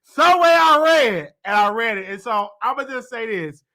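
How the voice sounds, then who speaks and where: A man's voice: very high-pitched, lively intonation, normal speed, sharp tone. A man with a Southern US accent hosting his own show, chatting casually and playfully with laughing asides. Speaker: show host. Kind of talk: casual solo commentary.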